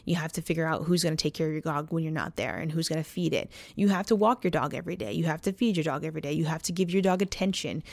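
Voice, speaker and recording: A woman with a gravelly voice talks through a long story on a faith podcast. She rambles and leans on "like" again and again. The sound is close and dry, with no room around her. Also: sits low, racing, few pauses, no room sound. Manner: rambling storytelling, heavy use of "like". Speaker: podcast co-host.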